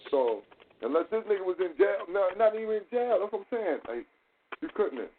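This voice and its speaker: A man with a high voice talks loosely and profanely on a podcast. He slips into the voices of people from his stories as he goes. The sound is thin and phone-like, with faint hiss underneath. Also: very animated, fairly quick. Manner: loose, profane storytelling with quoted dialogue. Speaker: podcast host. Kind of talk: casual podcast talk.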